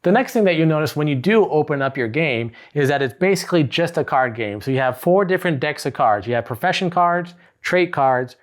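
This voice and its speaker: A man's voice: a little high, animated, a little fast, few pauses. A man casually explaining a party game's rules in a review. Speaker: board game reviewer.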